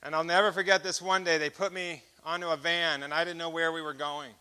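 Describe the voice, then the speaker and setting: A man preaching a personal testimony as an animated storyteller who acts out each exchange of dialogue. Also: a little high, fairly quick, smooth. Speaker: speaker giving a testimony.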